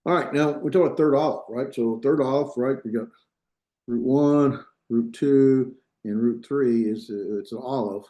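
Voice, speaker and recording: Guy teaching a hebrew grammar class, warm mellow voice, roomy echo, thinks out loud and keeps checking on students. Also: mid-range voice, moderate pace. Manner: explains step by step, thinks aloud and checks in with students. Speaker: Biblical Hebrew instructor. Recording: echoey classroom.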